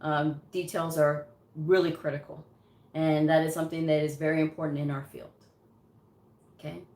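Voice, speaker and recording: A woman's voice: low-pitched, little pitch movement, moderate pace, a little mellow. A woman hosting a casual live chat on her channel, giving career advice on medical coding. She speaks emphatically, repeats her points and chuckles often. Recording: roomy echo.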